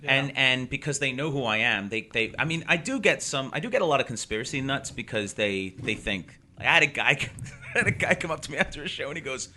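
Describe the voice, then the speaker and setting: A man's voice: medium pitch, animated, quick pace, pushed and bright. A man, a comedian, telling funny stories on a podcast panel, acting out the people in them and laughing often. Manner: acts out people in his anecdotes, laughs often. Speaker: comedian guest. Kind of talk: animated storytelling on a podcast panel. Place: studio with live audience.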